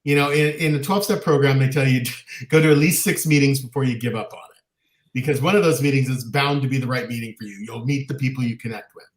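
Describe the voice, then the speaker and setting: A man's voice: medium pitch, fast talker. Candid man chatting in an echoey room. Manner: candid, animated, mocking voices in quotes. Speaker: podcast co-host. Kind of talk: casual chat.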